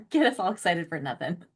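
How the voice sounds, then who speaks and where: A woman co-hosting a podcast in casual chat, laughing often and reacting with excitement. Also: lowish voice, moderate pace, breathy edge. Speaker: podcast co-host.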